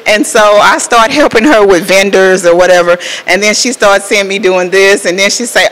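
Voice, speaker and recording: A woman emceeing an event, chatting to a live audience in an animated way and laughing often. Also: medium pitch, moderate pace, hardly any pauses, low-quality recording. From Houston, Texas. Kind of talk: casual speech to a live audience.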